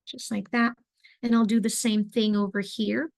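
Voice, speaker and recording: A woman's voice: medium pitch, normal speed, gravelly. Chatty woman teaching a craft class. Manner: relaxed, chatty, many fillers like "like" and "um". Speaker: craft instructor. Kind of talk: online class demonstration.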